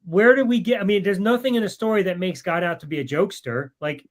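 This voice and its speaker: Wry higher-voiced podcast man. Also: fast talker. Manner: wry, laughing, mimics voices to make points. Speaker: podcast co-host. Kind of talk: casual critical discussion.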